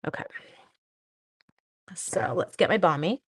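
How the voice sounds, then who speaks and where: A woman's voice: fairly low pitch, normal speed. A middle-aged woman from Canada chatting with viewers while she makes cards on a live stream, thinking aloud as she works. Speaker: card-making live streamer. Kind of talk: live craft stream chat.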